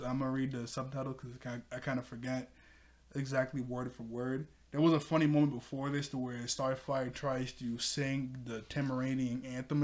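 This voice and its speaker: Excitable man reviewing a cartoon episode. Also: medium pitch. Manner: excitable and repetitive, often breaking into laughter. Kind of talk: casual video review, retelling scenes.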